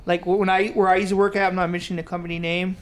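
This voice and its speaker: A man's voice: sits high, flat delivery, racing. A man co-hosting a podcast in casual chat, rambling through stories and laughing often. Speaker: podcast co-host. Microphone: studio mic under bright lights.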